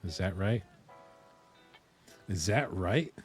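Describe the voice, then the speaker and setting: Lowish-voiced guy from the northeast us on a chill live stream, lots of uh's, soft music in the back. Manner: relaxed, thanks viewers, thinks aloud with many "uh" pauses. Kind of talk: casual live-stream chat while coding.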